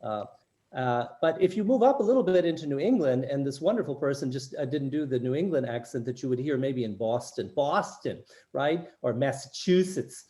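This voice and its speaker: A man's voice: mid-range voice, expressive, moderate pace, warm tone. An older man with a US East Coast accent, explaining things to international students in an online workshop and often checking in with "right?". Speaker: workshop presenter.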